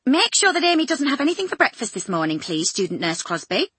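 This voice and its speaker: A woman voicing a brisk, commanding senior female ward sister. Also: high voice, big pitch swings, sharp tone, husky, no room sound, voice pushed up, heavily acted.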